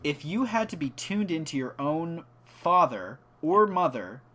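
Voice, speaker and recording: A man's voice: fairly high pitch, big pitch swings, a little slow, crowd noise. A man co-hosting a casual podcast, bantering with crude jokes. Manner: joking banter, crude humor. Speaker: podcast co-host. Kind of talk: casual chat.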